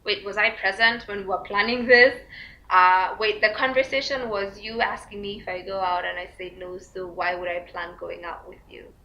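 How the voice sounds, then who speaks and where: A young woman telling a storytime to her vlog viewers, full of fillers and likes, acting out quotes in a high squeaky voice. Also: fairly even intonation, normal speed, sharp tone. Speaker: vlogger. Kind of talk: casual storytime chat. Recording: dull lo-fi recording.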